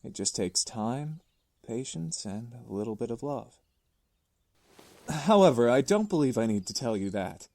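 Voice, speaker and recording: A gentle young gardener from a visual novel, musing in a soft, unhurried way. His voice sits at an ordinary middle pitch. It is recorded dry and close, with no room sound. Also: big pitch swings, dry recording. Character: gentle, thoughtful young man tending a garden.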